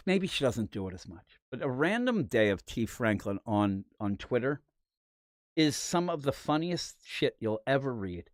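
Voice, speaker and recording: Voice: mid-range voice, no room sound, studio quality. A comics podcast host telling a long rambling story in casual chat, swearing freely. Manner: rambling, animated, profane storytelling.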